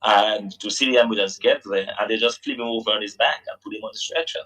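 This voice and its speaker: A man from Dominica on a radio talk show, speaking earnestly and haltingly, often repeating words as he searches for the phrasing. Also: lowish voice, fairly bright tone, poor audio. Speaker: guest recounting a roadside accident. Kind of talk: radio phone-in conversation.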